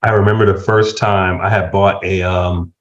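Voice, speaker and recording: A middle-aged man chatting casually as a podcast guest, telling stories with laughter and lively voice swings. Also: low voice, normal speed. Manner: animated storyteller, laughs while telling stories. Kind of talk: casual chat. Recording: dull lo-fi sound.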